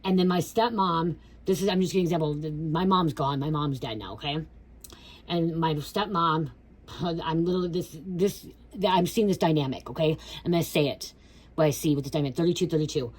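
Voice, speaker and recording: A woman's voice: low-pitched, brisk, darkish tone. A woman in her thirties giving a casual spiritual reading, blunt and profane, who keeps checking in with "okay?". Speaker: tarot reader.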